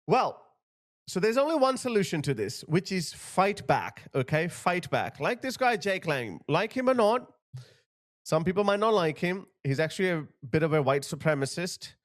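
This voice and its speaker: A man's voice: high-pitched, big pitch swings, moderate pace. A man hosting a commentary channel, talking bluntly and emphatically to his viewers as he reacts to video clips.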